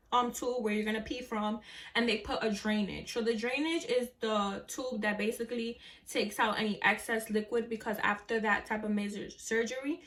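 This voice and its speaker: Young woman, casual storyteller, slightly higher voice, chatty and frank. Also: fairly bright tone, distant mic. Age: young adult. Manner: chatty, lots of "like" and swearing, talks to viewers as friends. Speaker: vlogger.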